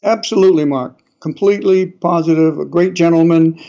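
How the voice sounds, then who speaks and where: Older man, New England accent, mellow, rambling with restarts, muffled lo-fi audio. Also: fairly high pitch, fairly quick. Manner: rambling, many uhs and restarts. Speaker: author guest. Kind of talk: interview storytelling. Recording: dull lo-fi audio.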